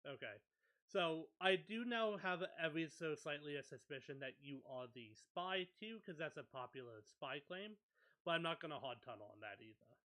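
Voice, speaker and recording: A man's voice: fairly high pitch, lively intonation, normal speed, sharp tone. A man playing a social deduction game over a voice call, thinking aloud with lots of fillers and restarts. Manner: talks through reasoning with many fillers and restarts. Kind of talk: casual strategy chat over voice call.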